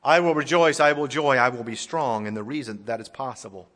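A pastor preaching a sermon, swinging dramatically from loud declarations to hushed tones. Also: male voice, medium pitch, a little fast. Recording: long reverb of a large hall.

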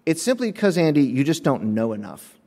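A preacher lends his voice to an evasive male store manager who placates smoothly. The voice sits a little high and moves up and down a lot. A long hall reverb trails behind every phrase. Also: big pitch swings, a little fast, warm tone. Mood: placating.

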